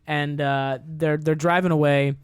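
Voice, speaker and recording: A man co-hosting a casual podcast, animated as he recaps an episode, swearing casually. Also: on the high side, a little slow, clear, resonant tone, dry recording. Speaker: podcast co-host. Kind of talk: casual chat.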